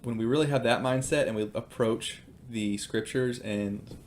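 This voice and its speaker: A man's voice: mid-range voice, normal speed, a little hiss or hum. A man and father giving casual devotional teaching with personal stories, hesitant and full of ums and uhs.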